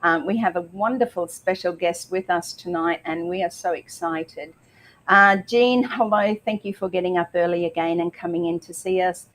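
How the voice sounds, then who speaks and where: A woman's voice: lowish voice, normal speed, fairly bright tone, low-quality recording. A middle-aged Australian woman hosting a live online show, greeting viewers by name in a chatty way with lots of fillers and a slight tickle in her throat. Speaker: livestream host. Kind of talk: upbeat live show welcome.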